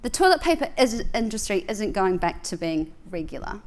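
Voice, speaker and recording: A woman's voice: medium pitch, sing-song, normal speed. A woman from New Zealand with a Kiwi accent, giving a playful conference keynote full of puns. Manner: punning, playful stage delivery. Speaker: keynote speaker. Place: large conference hall.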